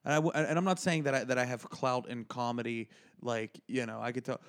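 A man co-hosting a podcast, talking in casual chat in a reflective way, with halting restarts. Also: medium pitch, fairly even intonation. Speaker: podcast co-host, comedian.

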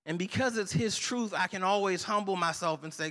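Guy preaching a sermon, high bright voice, keeps asking the crowd to fill in the word. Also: a little fast. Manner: preachy call-and-response, asks the congregation to finish lines. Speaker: pastor.

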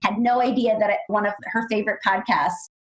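A woman co-hosting a podcast, telling stories in a casual, animated way and acting out the people she quotes. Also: medium pitch, a little fast, lo-fi sound. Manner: animated storyteller, acts out quoted voices. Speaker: podcast co-host.

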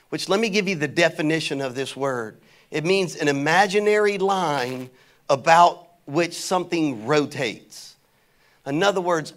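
Male pastor, high voice, animated sermon with call-and-response and casual anecdotes. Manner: conversational storytelling.

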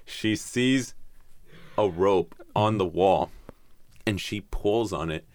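Man, very low voice, dry close sound, loose profane storyteller. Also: takes it slowly, darkish tone, no echo. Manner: rambling, profane, heavy use of "like". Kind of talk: casual retelling of a horror story.

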